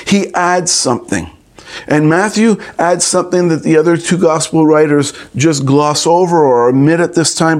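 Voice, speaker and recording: A man preaching a sermon in an earnest way, retelling a scripture story and acting out the quoted lines. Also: fairly high pitch. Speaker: pastor.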